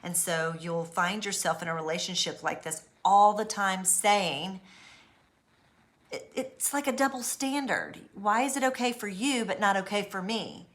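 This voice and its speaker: Brief: woman vlogger, chatty and animated, speaks straight to the viewer. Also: mid-range voice, a little slow. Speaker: vlogger on abuse recovery. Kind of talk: casual monologue to camera.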